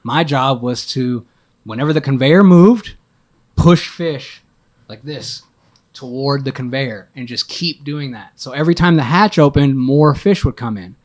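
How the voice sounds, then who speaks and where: A young man on a podcast, telling a long story in a casual, animated, profane way and acting out what he thought at the time. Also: medium pitch, measured pace. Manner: animated, profane storytelling with acted-out inner voices. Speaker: podcast guest.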